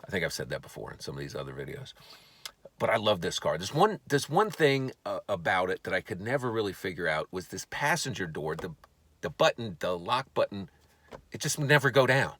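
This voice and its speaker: A comedian with a lowish voice tells a story for laughs in an animated, profane way, often stammering and restarting his sentences. The recording is dry and close. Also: brisk, no echo.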